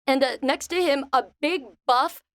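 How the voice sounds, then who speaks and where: A young woman co-hosting a podcast, telling a story in a lively way and acting out quoted lines with squeaky bursts. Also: normal speed, no echo, clean studio sound. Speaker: podcast co-host. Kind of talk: casual chat.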